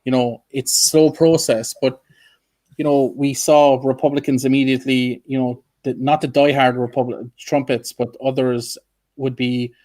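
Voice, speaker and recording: A man's voice: mid-range voice, little pitch movement, normal speed, mellow. A man hosting a casual interview over a video call, talking earnestly with many ums and restarts. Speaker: host.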